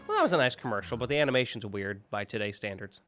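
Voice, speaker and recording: A man hosting a casual live stream, joking and chatting in an animated way while watching old commercials. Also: lowish voice, fast, soft background music. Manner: animated, jokey, apologetic asides. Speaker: stream host.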